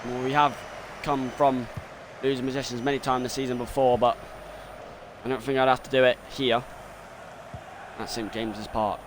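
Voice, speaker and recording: A young man streaming a football video game, giving his own excitable commentary that swings between frustrated rants and shouted goal calls. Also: mid-range voice, normal speed, pauses often, noisy background. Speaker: gaming streamer doing self-commentary.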